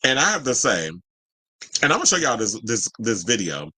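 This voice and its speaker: A man's voice: medium pitch, wildly swooping pitch, brisk, bright, forceful tone, breathy edge, no echo, rough recording. A man hosting casual celebrity gossip commentary, sassy and chatty, full of asides to his viewers. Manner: sassy and chatty, says "child" and "y'all". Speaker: host.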